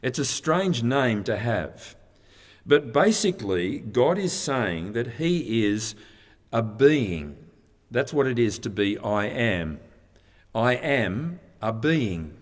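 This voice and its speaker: A man's voice: mid-range voice, sing-song, slow pace. A man preaching a sermon, explaining in a conversational way and often restarting his sentences. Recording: long reverb of a hall.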